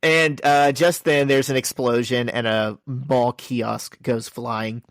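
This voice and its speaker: A man's voice: medium pitch, steady tone, slow pace, fairly bright tone, dry recording, clean studio sound. A man co-hosting a casual comic book podcast, joking as he recaps the plot and reads out dialogue. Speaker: podcast co-host.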